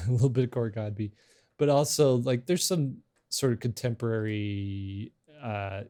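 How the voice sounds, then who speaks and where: A man's voice: fairly low pitch, moderate pace, warm tone. A middle-aged man hosting a casual podcast chat, talking in a rambling, hesitant way with many restarts. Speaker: podcast host.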